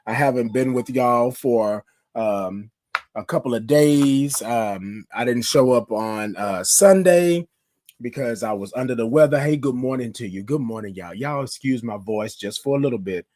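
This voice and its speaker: A man in his fifties with a hoarse voice from a cold, hosting a casual morning live stream and greeting viewers by name. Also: mid-range voice, moderate pace, darkish tone, dry recording. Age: 50s. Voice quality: rough, scratchy voice. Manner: chatty, greets viewers by name, calls them y'all. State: hoarse, sick with a cough.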